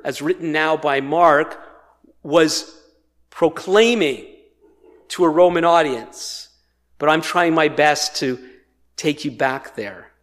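A male pastor giving a sermon at his own measured, unhurried speed. His voice sits high for a man. He preaches with dramatic emphasis and sometimes acts out a herald's cry. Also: a bit bright. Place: church in Ottawa, Canada.

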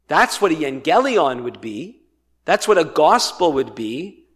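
A man's voice: a little high, sing-song, moderate pace, fairly bright tone. A man preaching a sermon in a church, talking with dramatic emphasis and acting out proclamations now and then. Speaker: pastor. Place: church in Ottawa, Canada.

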